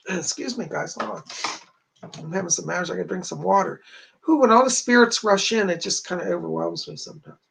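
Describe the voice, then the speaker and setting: A man's voice: high voice, brisk, vocal fry, fairly bright tone, breathy edge. A man hosting a livestream, chatting casually as he reads viewers' messages aloud and gives psychic readings. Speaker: psychic medium host.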